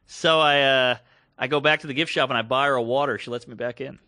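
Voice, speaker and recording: A man's voice: mid-range voice, fast talker, no echo. A man co-hosting a podcast, telling a story in casual chat and acting out the voices of the people in it. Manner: animated storyteller who acts out quoted voices. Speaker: podcast co-host.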